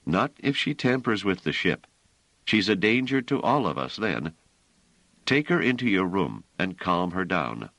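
Man doing a grumpy argumentative guy, deep voice, lots of pitch movement. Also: big pitch swings, unhurried, a bit bright, no echo, full character voice. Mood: irritated. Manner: curt, argumentative. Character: irritable, brooding man, ship's captain type. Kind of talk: audiobook character voice.

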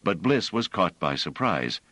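A male narrator reading an audiobook in a deep, very lively voice. His delivery is measured and expressive, recorded dry and close with no room sound. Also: no room sound. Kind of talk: scripted narration.

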